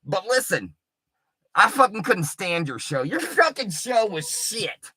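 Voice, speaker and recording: Brief: middle-aged male streamer, taunting and foul-mouthed, bright forceful tone, very dry sound. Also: high-pitched, big pitch swings, unhurried, breathy edge, no room sound. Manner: profane, taunting and mocking. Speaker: livestreamer. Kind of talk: rambling livestream rant.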